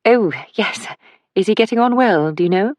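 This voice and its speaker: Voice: mid-range voice, lively intonation, normal speed, darkish tone, no echo, voice pushed up, lightly acted. A narrator voicing a polite, composed young woman investigator in an audiobook. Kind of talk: audiobook character voice.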